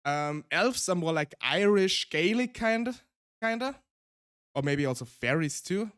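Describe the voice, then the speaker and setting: Streamer, man, German accent, fairly high voice, rambling casual chat, dry close sound. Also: lively intonation, measured pace, fairly bright tone, clear, resonant tone, no echo. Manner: rambling, restarts a lot, laughs often.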